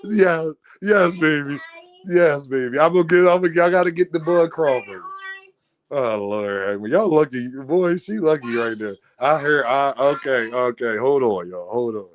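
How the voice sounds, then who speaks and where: A man hosting a casual livestream, reading out donations and talking straight to his chat, animated and laughing often. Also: on the high side, measured pace, slight background noise. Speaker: livestream host.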